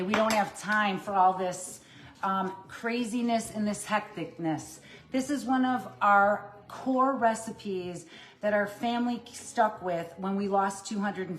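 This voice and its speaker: A woman's voice: medium pitch, background noise. A woman coaching viewers on plant-based eating in a casual cooking livestream, upbeat and chatty while she chops and cooks in a kitchen. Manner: upbeat and chatty, addresses viewers as "you guys"; talks while chopping and cooking.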